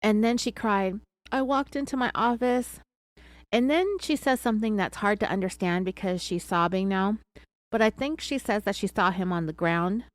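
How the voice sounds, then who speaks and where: A woman podcast host tells a true crime story and keeps cutting in with sarcastic remarks. Her voice sits at a medium pitch. The recording is dry, with no room echo. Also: normal speed. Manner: sarcastic asides.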